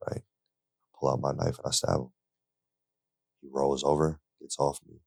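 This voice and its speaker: A young man shares a personal story in an interview studio, speaking casually and conversationally with plenty of "like" and "right?". His very deep voice holds a steady tone at normal speed, creaky and slightly rough, with long pauses. The sound is clean, with no echo.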